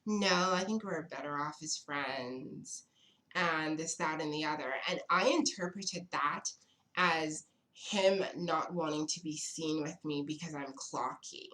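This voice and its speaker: A young woman from South Africa with a fairly low voice, recounting a story to camera. She talks in a chatty, sassy and dramatic way. The room around her rings with echo. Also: moderate pace, fairly bright tone. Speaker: vlogger. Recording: echoey room.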